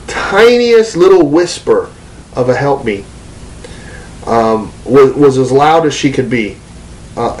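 A man's voice: a little high, darkish tone, rough recording. A man, a minister, telling a personal story in a conversational way, with frequent ums and restarts.

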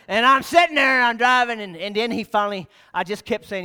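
Man, pastor, sermon, high voice, shouting then quiet asides. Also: expressive, moderate pace. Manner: fiery preaching that swings from shouted peaks to quiet, low asides. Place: church sanctuary.

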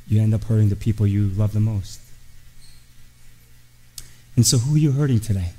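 A man's voice: on the low side, mellow, poor audio. A middle-aged man preaching as a guest pastor, telling a personal story in an earnest, confessional way and acting out the voices of the people in it. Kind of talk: storytelling sermon.

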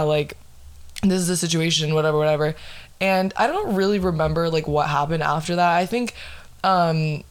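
Young woman telling a lively, swearing story. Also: sits low. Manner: animated storytelling, lots of swearing and fillers. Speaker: podcast host. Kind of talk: casual podcast chat.

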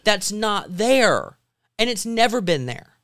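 Animated man hosting a talk show. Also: high-pitched, slow pace, no echo, clean studio sound. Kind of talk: casual political talk.

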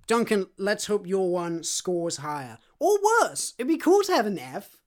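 A man co-hosting a casual podcast chat, excitable and rambling, full of fillers. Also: high-pitched, unhurried. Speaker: podcast co-host.

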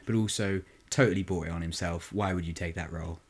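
A man's voice: low voice, fairly even intonation, fast, husky. A man co-hosting a podcast in casual chat, joking and opinionated. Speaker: podcast co-host.

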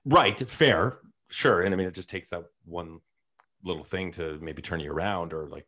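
A man's voice: low voice, moderate pace, pushed and bright. A man talking as a guest in a casual chat, laid-back and openly skeptical, mostly giving short replies. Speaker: podcast guest.

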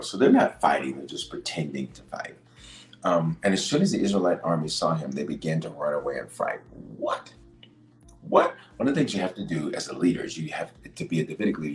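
A bishop who also hosts a podcast preaches on leadership, reading scripture and emphatically repeating key points as he swings between loud bursts and low asides. The recording is rough and roomy.

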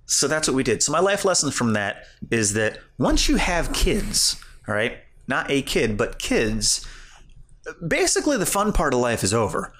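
A man's voice: mid-range voice, moderate pace, a little hiss or hum. A man co-hosting a podcast, telling a funny story in casual chat and laughing along as he goes. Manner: animated, laughs through his own story. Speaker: podcast co-host.

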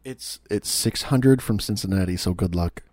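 A man's voice: deep voice, moderate pace, a little mellow. A man of twenty-seven co-hosting a podcast, talking casually with a friend and laughing often. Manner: laid-back, laughs often, mock-grumpy. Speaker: podcast co-host. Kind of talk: casual chat between friends.

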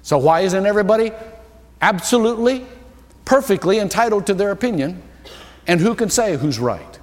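A man preaching a sermon as pastor, telling the story with lively, acted-out quotes. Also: high voice, normal speed. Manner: animated storytelling, acting out quoted voices. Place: church sanctuary. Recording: long hall reverb.

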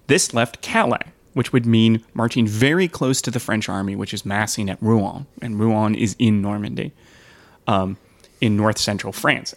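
A man hosting a casual history podcast, telling the story with frequent fillers and read-out quotes. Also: mid-range voice. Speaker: podcast host.

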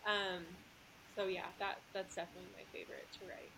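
A woman's voice: mid-range voice, little pitch movement, a little fast, bright, forceful tone, a little hiss or hum, low-quality recording. A woman author, a guest on a podcast, chatting casually with lots of fillers and giggles. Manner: giggly, filler-heavy, rambling.

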